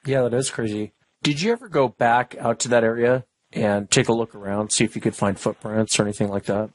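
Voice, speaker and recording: A man hosting, calmly asking a caller follow-up questions. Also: medium pitch, fairly quick, dry recording. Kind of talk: interview questions.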